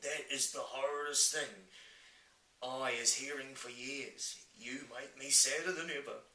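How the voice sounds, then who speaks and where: Man playing a tender giant, slow mangled drawl, raised voice, storybook reading, distant roomy mic. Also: mid-range voice, pushed and bright, pitched above the performer's own voice. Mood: indignant, tearful. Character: kindly huge male giant, tender and easily moved.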